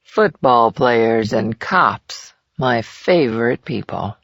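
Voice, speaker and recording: A cruel, cold-blooded killer, put on by a male narrator, all gravel and menace, bragging in flat tones. The voice sits mid-range, and the recording is dull and lo-fi. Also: mid-range voice, takes it slowly, no room sound, heavily acted. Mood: sneering.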